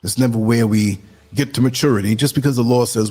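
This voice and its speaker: A man's voice: mid-range voice, a little fast, gravelly, warm tone, breathy edge. A man with a New York accent hosting a live online talk show, chatting casually and laughing often while he works the computer.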